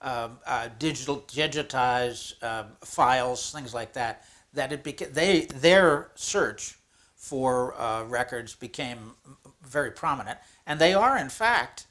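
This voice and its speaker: A man co-hosts a casual chat in a voice of middling pitch. He mostly offers short agreements. Now and then he drops in a dry quip. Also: animated, takes it slowly, a bit bright. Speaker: co-host.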